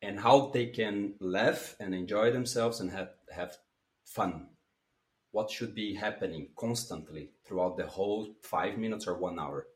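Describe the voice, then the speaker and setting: A man being interviewed as a public speaking coach, talking in a lively way with big swings in voice and some non-native phrasing. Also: fairly low pitch, a little slow. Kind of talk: animated interview talk. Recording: roomy echo.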